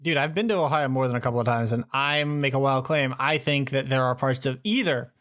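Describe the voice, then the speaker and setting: A man's voice: medium pitch, brisk, fairly bright tone. Musing man thinking aloud. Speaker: podcast co-host. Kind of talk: casual chat.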